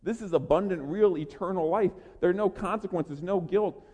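A man preaching a sermon as a pastor, energetic and earnest, often repeating words as he builds. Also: high-pitched, normal speed, husky, dull audio. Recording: long reverb of a large hall.

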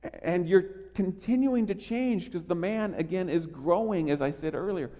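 A man preaching a sermon in an emphatic, animated way, often restarting his phrases. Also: high voice, moderate pace, big-room sound. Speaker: pastor.

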